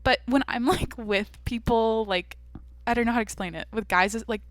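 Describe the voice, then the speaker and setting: A woman's voice: on the high side, moderate pace, no room sound. A young woman hosting a daily podcast alone, talking in a brash, blunt, profane, casual way. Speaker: podcast host. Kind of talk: casual solo podcast chat.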